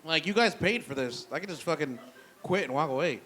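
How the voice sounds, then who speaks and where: A man doing a stand-up comedy set in a brewery, blunt and profane with a deadpan delivery. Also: fairly high pitch, brisk. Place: brewery venue with live audience. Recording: noisy live room.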